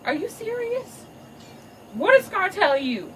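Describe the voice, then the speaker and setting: A woman voicing a scheming, vengeful villainous lioness mother who sounds shrill, scornful and crude. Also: big pitch swings, slow pace, a bit bright, recorded from a distance, a little hiss or hum, heavily acted, low-quality recording.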